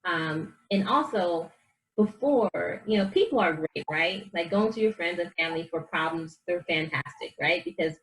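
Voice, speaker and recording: A woman's voice: on the low side, normal speed, poor audio. A woman life coach, a guest in a casual interview, talking earnestly and animatedly about her past and her faith, acting out what others said. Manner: earnest, animated storyteller who acts out quoted voices.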